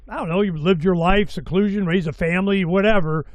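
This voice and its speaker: An older man in his sixties with a high voice hosts a casual interview. He rambles, gets excited and swears freely. The sound is dry and close. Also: normal speed, no room sound. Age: 60s. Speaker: host.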